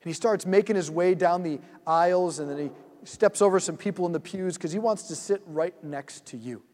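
A man leading a guided prayer meditation in a church hall, speaking gently and soothingly and often dropping to a hush. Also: high-pitched, a little fast.

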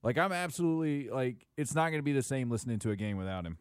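A man co-hosting a sports radio show in a relaxed, chatty way. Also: medium pitch, fast talker, clear, resonant tone, dry recording. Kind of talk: casual sports radio chat.

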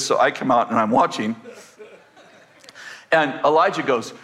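A man's voice: mid-range voice, moderate pace, fairly bright tone. An older man giving a sermon, rambling through a family story with many fillers and restarts, then building into emphatic declarations. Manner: rising, emphatic preaching in declarations. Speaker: preacher.

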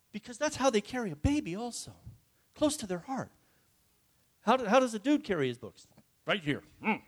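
Folksy high-voiced male preacher. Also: fairly bright tone. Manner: folksy, jokey, asks the congregation questions. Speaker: pastor. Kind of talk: sermon. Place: church before a congregation.

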